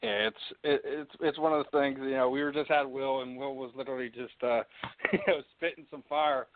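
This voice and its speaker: A man's voice: medium pitch, a little fast, background noise. A man hosting a casual interview, rambling with many fillers and laughing easily. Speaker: podcast host. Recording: tinny phone-like line.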